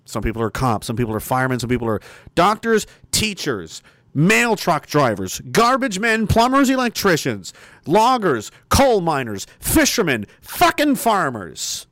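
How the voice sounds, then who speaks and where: Brief: swearing livestream host, lively pitch, dry close sound, jumps from loud to muttered. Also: male voice, moderate pace, no room sound. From Canada. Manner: profane, animated, swinging between loud emphasis and muttering. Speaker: livestream host reading viewer comments. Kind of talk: casual ranting livestream monologue.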